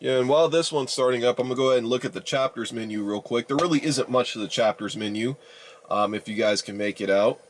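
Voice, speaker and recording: A young man in his twenties talks his viewers through a gadget test in loose, rambling commentary. He sounds exasperated and keeps calling his audience "ladies and gentlemen." His voice sits at an ordinary middle pitch for a man. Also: fast talker, slight background noise. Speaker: YouTuber reviewing a DVD player. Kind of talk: casual rambling video commentary.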